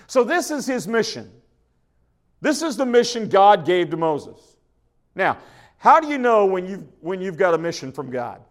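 A man's voice: high voice, big pitch swings, normal speed. A man from preaching a sermon in a folksy, conversational way, often restarting his phrases. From Oklahoma. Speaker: pastor.

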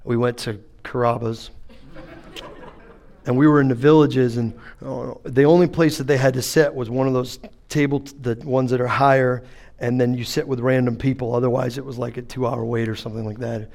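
A man's voice: medium pitch, fairly even intonation, fairly quick, gravelly, darkish tone. A middle-aged man preaching a sermon, telling funny family stories and acting out the exchanges before turning to call-and-response preaching. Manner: humorous storytelling, acts out exchanges. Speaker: pastor.

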